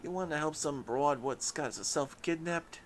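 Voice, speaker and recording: A man's voice: a little high, moderate pace, lightly acted. A man voicing a menacing male mafia boss with a mock New York gangster accent and a drawling tough-guy manner, with faint background noise. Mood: scheming.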